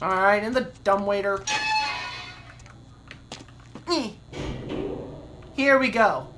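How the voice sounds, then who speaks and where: A woman's voice: medium pitch, slow pace, music in the background. A woman streamer giving brash, profane commentary while she plays a game. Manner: brash, profane trash talk. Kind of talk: gameplay commentary.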